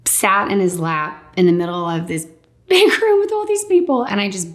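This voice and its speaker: A woman's voice: medium pitch, normal speed. Chatty woman telling her story with laughs. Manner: animated, laughs often, acts out what others said; fills speech with "like" and "um". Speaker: guest sharing a healing testimony. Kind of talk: casual personal storytelling.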